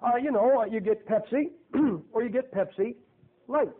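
A man's voice: very high voice, moderate pace, slightly rough. A man preaching a folksy, emphatic sermon, throwing rhetorical questions at his audience. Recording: tinny, phone-like sound.

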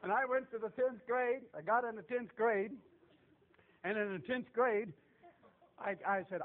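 Animated older man preaching over tinny radio. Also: high voice, measured pace, pauses often. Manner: animated, repetitive, laughs while telling. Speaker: preacher giving testimony. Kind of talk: folksy testimony sermon.

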